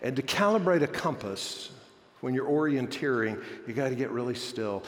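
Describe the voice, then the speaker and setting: A man's voice: medium pitch, expressive, moderate pace, in a large hall. A male pastor preaching a sermon in a conversational, self-deprecating manner.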